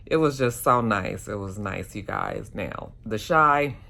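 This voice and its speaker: A woman's voice: extremely low pitch, animated, unhurried, gravelly, sharp tone. A woman giving a casual, slangy recap of a TV episode. She talks into a handheld phone in a hotel room. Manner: chatty, slangy, acts out characters' lines. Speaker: TV episode reviewer.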